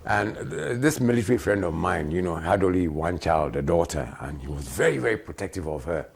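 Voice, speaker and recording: A very deep, gravelly male voice belonging to a radio co-host. He is playful, trading puns and rambling through funny anecdotes at an easy pace. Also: big pitch swings, brisk. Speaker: radio talk show co-host. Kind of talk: casual storytelling chat.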